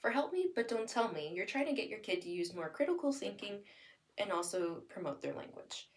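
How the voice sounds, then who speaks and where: A woman's voice: medium pitch, fairly quick. Young woman teaching parents speech tricks, sounds a little far from the mic, switches into sing-song kid-talk for examples. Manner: explains plainly, then acts out lively sing-song examples for a child. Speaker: demonstrator of listening and spoken language strategies. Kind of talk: instructional explanation with acted parent-child examples.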